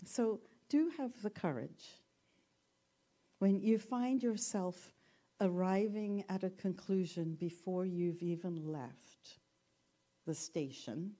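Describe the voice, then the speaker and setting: A woman giving a gentle, reflective talk and telling a story, with self-deprecating humor. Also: fairly low pitch, slow.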